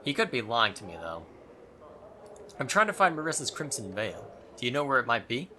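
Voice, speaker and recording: A man hosting a let's play, reading dialogue choices and commenting in a wry, relaxed way. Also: mid-range voice, fairly quick, a little hiss or hum.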